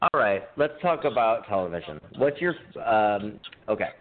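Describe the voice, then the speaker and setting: A man's voice: fairly low pitch, very animated, moderate pace. A man co-hosting a podcast, telling rambling, profane stories in casual chat. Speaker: podcast co-host. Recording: tinny phone-like line with faint noise.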